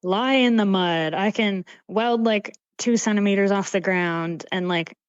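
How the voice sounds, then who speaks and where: A young woman from Canada chatting casually as a podcast guest, animated and laughing often, with lots of "like.". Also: mid-range voice, measured pace, clean tone, no echo, muffled recording. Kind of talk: casual chat. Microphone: remote call mic.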